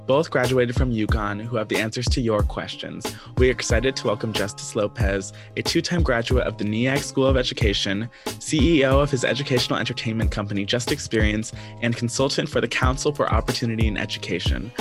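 Young male podcast host, smooth announcer read, music bed underneath. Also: medium pitch, brisk. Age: young adult. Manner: smooth radio-announcer delivery. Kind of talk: scripted introduction and interview.

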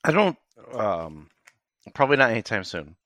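A man co-hosts a casual sports podcast, laid-back and a little hesitant, often answering in short bits. His voice is very low yet bright and forceful. It is recorded close and dry. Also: big pitch swings, moderate pace, no room sound. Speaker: podcast co-host.

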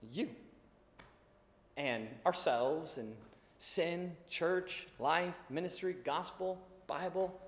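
A man in his thirties preaching a sermon, telling a story with lively acted-out dialogue and laughing along. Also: a little high. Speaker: pastor. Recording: long hall reverb.

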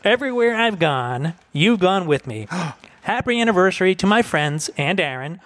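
A man's voice: sits high, very animated, normal speed, fairly bright tone. A man reading a woman friend's anniversary message in a put-on, bubbly, sing-song voice. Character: cheerful globe-trotting woman friend reading a note.

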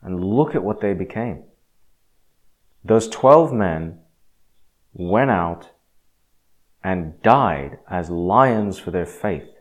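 A man giving a casual, rambling talk on faith, often restarting his sentences and swinging from quiet to emphatic. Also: lowish voice. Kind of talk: casual religious monologue.

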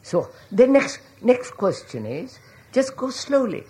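In a reflective public talk, a woman with a warm tone speaks slowly but very animatedly, her pitch moving a great deal as she presses questions. She keeps checking that her listeners follow and addresses them as sir.

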